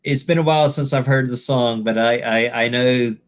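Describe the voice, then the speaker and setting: A man's voice: medium pitch, steady tone, normal speed. A man who is a podcast guest, chatting in an easygoing way with short, agreeing replies. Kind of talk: casual interview chat.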